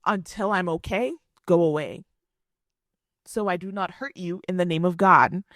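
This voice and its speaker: A young woman hosting a podcast, telling a story in a sassy, animated way with playful asides. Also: lowish voice, moderate pace, no echo, studio quality. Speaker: podcast host.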